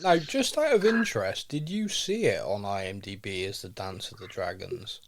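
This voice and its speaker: A man hosting a podcast in a relaxed, jokey way, rambling and talking straight to his listeners. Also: fairly low pitch, normal speed, vocal fry, background noise. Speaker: podcast host. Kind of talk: casual podcast chat.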